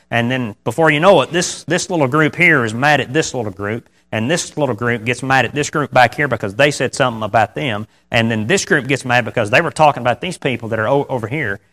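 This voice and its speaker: A man's voice: mid-range voice, a bit bright. A man preaching a sermon, talking conversationally to his congregation, often asking them questions and reading scripture aloud. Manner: reads scripture in King James wording. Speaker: pastor.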